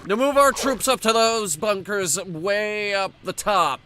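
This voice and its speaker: A man's voice: high-pitched, unhurried, sharp tone, a little hiss or hum. A man streaming a strategy game, chatting casually, laughing and giving orders to his units as he plays. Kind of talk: casual let's-play commentary.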